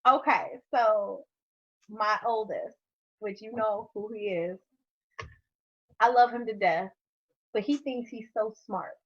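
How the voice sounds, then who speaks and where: A woman and mother telling a story from her youth in a casual podcast chat, animated, laughing often and swearing freely. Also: medium pitch, takes it slowly, long pauses, breathy edge, lo-fi sound.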